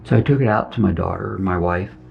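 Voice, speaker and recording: Speaking a little fast in a deep voice with vocal fry, a middle-aged veteran earnestly recounts his own testimony and performs the conversations in it. The dull lo-fi recording carries soft background music.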